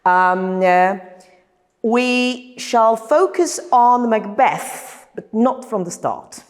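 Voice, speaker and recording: A woman with a Polish accent guides a workshop, her pitch rising and falling in lively swings. She hesitates often and restarts her sentences. Her voice carries a long reverb from a large hall. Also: very slow. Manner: hesitant, many fillers and restarts, warm laughter. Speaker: lecturer leading a workshop. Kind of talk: workshop instruction.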